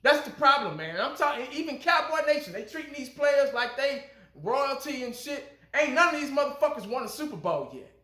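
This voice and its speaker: A man's voice: very high voice, big pitch swings, a little fast, pushed and bright, echoey room. A man giving blunt, profane, fired-up fan commentary as a channel host.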